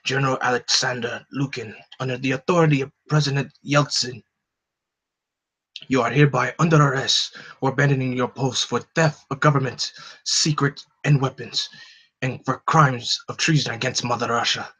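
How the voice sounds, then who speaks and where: A man's voice: mid-range voice, fairly even intonation, moderate pace, pushed and bright, slightly rough, low-quality recording. Brief: stern hero, formal declaration, read plainly by a man. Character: stern male superhero making an arrest. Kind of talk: comic book live read.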